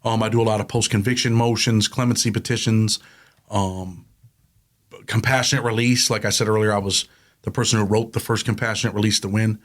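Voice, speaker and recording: A middle-aged man talking as a guest in a casual interview, telling stories in animated, plain street talk. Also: fairly low pitch, a little fast. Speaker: guest, prison consultant.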